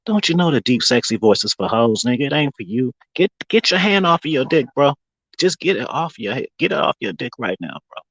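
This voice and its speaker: Husky-voiced man ranting on a livestream. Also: medium pitch, a little fast, no echo, low-quality recording. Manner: animated, mocking, laughs often between lines. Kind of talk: casual livestream rant.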